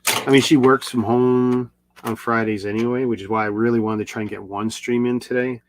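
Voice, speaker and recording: A man's voice: mid-range voice, fairly even intonation, brisk. A middle-aged man casually telling a long, rambling personal story with restarts and repeats. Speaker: video creator.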